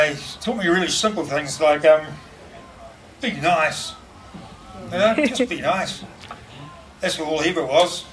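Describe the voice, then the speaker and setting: A man giving a memorial speech, telling fond stories in a halting way and laughing often, recorded from a distance in a noisy room. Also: a little high, creaky, a bit bright. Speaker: eulogy speaker.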